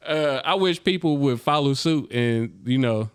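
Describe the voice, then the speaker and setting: A man hosting a casual podcast, his talk loose and full of slang, with easy laughter. His voice sits at an ordinary pitch. It is recorded dry and close. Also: measured pace, smooth, no echo. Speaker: podcast host. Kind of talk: casual chat.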